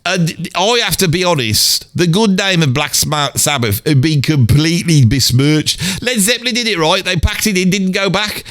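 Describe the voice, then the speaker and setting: A man's voice: high voice, normal speed, hardly any pauses, a bit bright, no room sound, clean studio sound. A man playing a grumbling middle-aged Birmingham bloke with a Birmingham accent, rambling on and swearing mildly in a comedic monologue. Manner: rambling rant peppered with "bloody".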